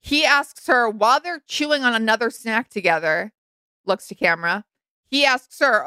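A young adult woman co-hosting a podcast, talking through a reality show in a frank, animated, casual way. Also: on the high side, normal speed, clean tone, no echo. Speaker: podcast co-host. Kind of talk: casual recap chat.

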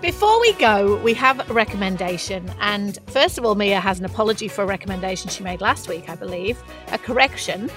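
A woman's voice: mid-range voice, expressive, a little fast, hardly any pauses, fairly bright tone, faint music behind. A woman from England with a Mancunian-tinged English accent, co-hosting a casual chat and thinking aloud as she talks. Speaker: podcast co-host.

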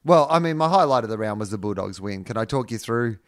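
A man's voice: fairly low pitch, lively intonation, quick pace, no echo, clean studio sound. An Australian man in early adulthood, a comedian co-hosting a podcast, telling a long story with swearing and laughter. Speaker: podcast co-host and stand-up comedian. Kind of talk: casual chat.

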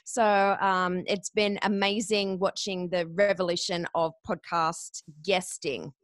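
A woman's voice: on the low side, no echo. An Australian woman in her forties talks with bubbly, upbeat energy. She explains her work like the seasoned radio announcer she was. The recording is dry and close, with no room sound. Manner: energetic, quick and enthusiastic. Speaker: podcast guest booker. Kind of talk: interview answers.

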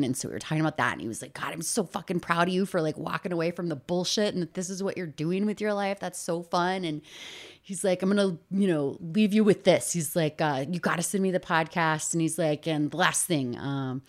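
A woman with a low voice chats casually as a podcast co-host. She tells stories with energy, swears freely and acts out quoted lines. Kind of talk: casual chat.

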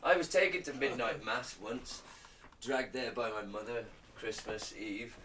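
A man co-hosting a podcast, talking in a laid-back, jokey and sweary way. His voice is mid-pitched. He sits a bit back from the mic, with faint noise in the room. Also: measured pace. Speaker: podcast co-host. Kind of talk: casual chat. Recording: a little distant, faint background noise.

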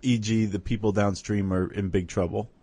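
A man's voice: fairly low pitch, little pitch movement, normal speed, dark tone, no echo. A man co-hosting a podcast, explaining step by step in casual chat and often checking in with "right?". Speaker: podcast co-host.

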